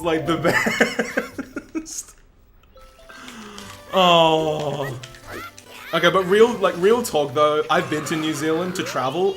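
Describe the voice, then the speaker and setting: An Australian man, a speedrun streamer, chatting casually and rambling as he answers his live chat. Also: fairly high pitch.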